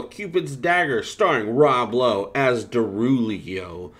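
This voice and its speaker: A man's voice: fairly low pitch, animated, normal speed, few pauses, a bit bright. Man hosting a rambling livestream chat. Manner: rambling, joking, loose. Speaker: livestream host. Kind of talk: casual livestream chat reading viewer comments.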